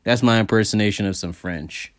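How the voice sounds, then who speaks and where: A man hosting a podcast, ranting casually and profanely, jumping up high in pitch to stress his points. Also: a little fast. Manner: profane, animated, jumps high in pitch for emphasis. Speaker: podcast host. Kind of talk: casual comedic rant.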